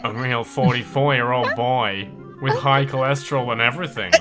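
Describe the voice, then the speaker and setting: Woman putting on a low deadpan middle-aged guy, ex-porcelain doll, game character, loud jazz behind. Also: moderate pace, loud music behind the voice.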